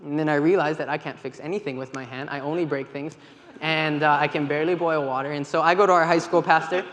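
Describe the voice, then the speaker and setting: A man giving a church talk, telling lively stories with quoted dialogue. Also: a little high, quick pace. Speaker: volunteer leader with kids. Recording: long hall reverb, faint ambience.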